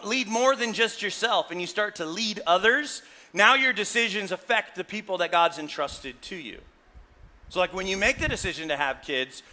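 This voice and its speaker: A man's voice: high voice, bright, forceful tone. A middle-aged male pastor preaching a casual sermon, telling candid, self-deprecating stories and checking in with the congregation with asides like "right?". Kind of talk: conversational sermon.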